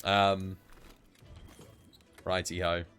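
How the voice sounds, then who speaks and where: A man's voice: low voice, little pitch movement, very slow, a bit bright, clean tone, soft background music. A tired man, chatting casually while live-streaming a game and giving gear advice. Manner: chatty, laid-back, gives gear advice.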